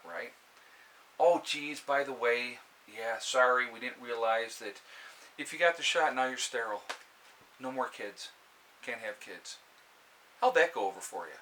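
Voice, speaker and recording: Man, opinionated vlogger, bright and pushy delivery, ranting but casual. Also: medium pitch, a little hiss or hum, low-quality recording. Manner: emphatic, ranting, with frequent "okay?" asides.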